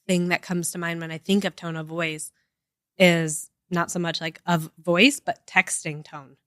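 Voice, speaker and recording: A woman's voice: on the low side, level tone, a little slow, fairly bright tone, no room sound, clean studio sound. A woman co-hosting a casual podcast chat, explaining with examples and lots of "like" and "right?". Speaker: podcast co-host.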